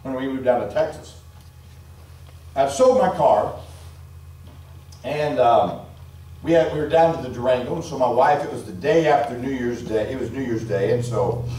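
A man's voice: mid-range voice, slight background noise. A man in his forties preaching a revival sermon, telling stories with animation and calling out to the congregation. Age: 40s. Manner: storytelling, animated, calls out to the congregation. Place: church sanctuary. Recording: echoey church hall from far off.

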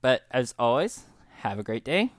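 A man hosting his own gaming channel, giving relaxed, chatty gameplay commentary with frequent little laughs. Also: mid-range voice, moderate pace, no room sound, clean studio sound. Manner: relaxed, chatty, laughs often, many restarts. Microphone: headset.

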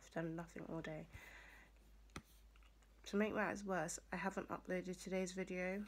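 A young woman, a student, talking casually to the camera in a rambling vlog, with lots of fillers and a rough, hoarse voice. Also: lowish voice, fairly even intonation, moderate pace, slight background noise. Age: young adult. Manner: chatty, rambling with many fillers. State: hoarse morning voice. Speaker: student vlogger.

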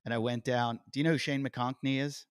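A middle-aged man hosting a podcast, telling stories in a casual, animated way and acting out quotes. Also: mid-range voice, fairly quick, slight background noise. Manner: animated storyteller, acts out quotes loudly. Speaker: podcast host. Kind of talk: casual interview chat.

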